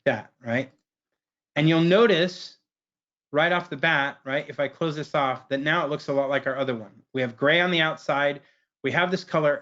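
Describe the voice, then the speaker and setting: A man presenting a webinar, walking through a software screen share in a casual way and tagging his sentences with "right?". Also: fairly high pitch, normal speed, dull audio. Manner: casual, keeps asking "right?".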